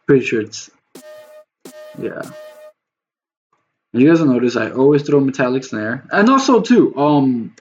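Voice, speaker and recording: A man's voice: medium pitch, animated, normal speed, long pauses. A man streaming a music production session, talking loosely to his chat with a bit of swearing. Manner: rambling, loose and profane, talks to chat viewers. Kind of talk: casual livestream talk while producing. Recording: slightly dull lo-fi stream audio with faint noise.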